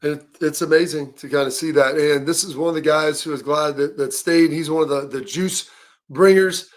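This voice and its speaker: A man's voice: on the high side, fairly even intonation, normal speed. A man hosting a casual sports talk show, telling stories in a rambling way with many fillers and restarts. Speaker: show host.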